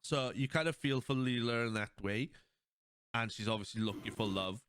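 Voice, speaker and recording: A young man hosting a casual podcast chat, rambling and animated as he retells scenes. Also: mid-range voice, moderate pace, smooth, no echo. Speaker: podcast host.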